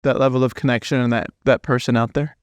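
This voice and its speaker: A man's voice: mid-range voice, fairly even intonation, clear, resonant tone, no room sound. Man, podcast host, resonant voice, dry sound, thoughtful questions. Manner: reflective, thoughtful, measured. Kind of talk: interview questions.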